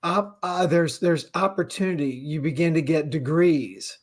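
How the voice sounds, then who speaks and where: A man hosts a live interview, putting his questions slowly and haltingly. His voice sits a little high, and he fills the gaps with brief encouraging sounds. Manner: slow, halting questions with short affirmations. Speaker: host. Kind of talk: interview hosting.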